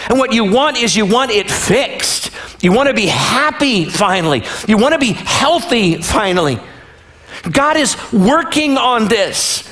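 A man's voice: very high-pitched, a bit bright. A man preaching a sermon as a pastor in a conversational way, full of rhetorical questions and joking asides.

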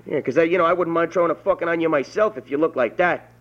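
A brash man with a New York accent barks crude, bullying questions down the line, his voice pitched fairly high. The tape sounds dull and lo-fi. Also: quick pace. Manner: loud, crude, bullying, swearing constantly. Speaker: prank caller. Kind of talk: prank phone call.

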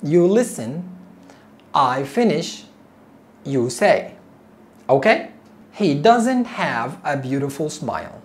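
Woman ESL teacher, low voice, very slow, lively pitch, repeats words for learners. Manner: teacherly, asks learners questions. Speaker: English teacher. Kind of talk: slow, deliberate ESL lesson.

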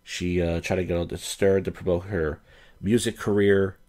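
A man's voice: low voice, level tone, moderate pace, a little mellow. A man streaming crude, rambling commentary over video clips.

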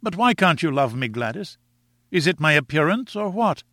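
A man's voice: fairly high pitch, big pitch swings, normal speed, bright, forceful tone, dry recording, clean studio sound, voice pushed up, full character voice. A man reading aloud voices an earnest, lovestruck young man who pleads eagerly with the woman he loves.

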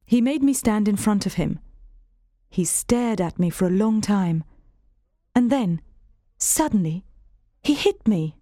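A woman reads a storybook aloud in a steady, clear first-person voice. The sound is dry and close, with no room around it. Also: medium pitch, a little slow, long pauses, no room sound. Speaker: narrator. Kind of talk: scripted storybook narration.

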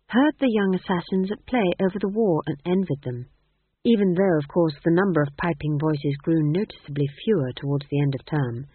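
An audiobook narrator reading a comic fantasy novel with dry, expressive storytelling. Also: mid-range voice, breathy edge, dry recording. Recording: tinny phone-like audio.

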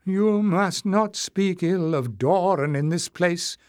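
A man reading an audiobook, voicing an elderly goblin woman who speaks slowly and indignantly. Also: high-pitched, smooth, voice pushed up. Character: old woman goblin elder, proud and fierce.

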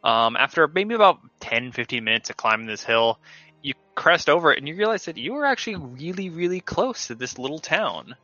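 Bright-voiced male game master. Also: a little high, very animated, brisk, dry recording, faint music behind. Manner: loose, filler-heavy narration. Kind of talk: narrating a tabletop game online. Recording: dull lo-fi online call audio.

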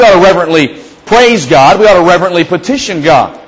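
Higher-voiced male pastor preaching conversationally. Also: animated, quick pace, low-quality recording. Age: young adult or middle-aged father. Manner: conversational preaching that slips into acted quotes of prayers. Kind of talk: sermon.

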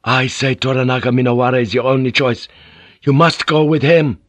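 A man reading an audiobook, voicing a loyal, shrewd samurai vassal who argues in an earnest, quietly authoritative way. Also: mid-range voice, steady tone, a little fast, no room sound, voice pushed up, close to an everyday voice. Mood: persuasive.

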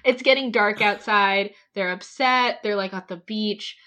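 A woman's voice: medium pitch, a little slow, pushed and bright. Chatty woman recapping an episode. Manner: chatty, lots of "like" and laughs.

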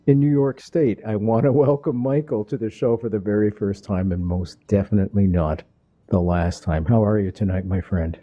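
A man's voice: lowish voice, dark tone, muffled recording. A man hosting an interview show, talking enthusiastically like a showman and addressing his audience directly. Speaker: host.

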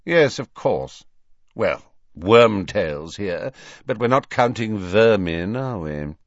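A man's voice: lowish voice, expressive, slow, no echo. A man voicing a cold, sneering middle-aged wizard who speaks in a lazy, silky, mocking drawl, recorded dry and dull. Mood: sardonic.

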